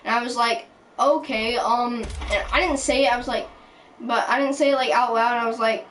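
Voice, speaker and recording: Her voice a little high and fairly even in intonation, this woman talks at a moderate pace over slight background noise. She's a storytime vlogger giving an indignant, casual rant that rambles with many restarts and fillers. Clear background music plays while she sounds far from the mic.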